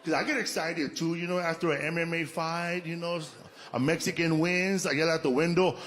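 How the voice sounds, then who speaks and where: A man doing stand-up comedy with deadpan setups and crude punchlines. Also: a little high, a little fast. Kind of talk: stand-up jokes. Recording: stage recording with background noise.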